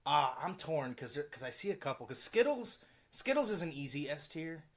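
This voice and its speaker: A man's voice: on the high side, big pitch swings, normal speed, crowd noise. A man hosting a podcast, talking in a joking, opinionated way in casual chat. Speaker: podcast host.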